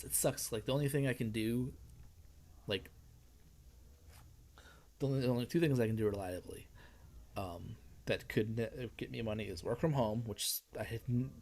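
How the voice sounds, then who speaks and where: A man's voice: lowish voice, darkish tone. A stressed young man rambling and laughing in casual live-stream chat.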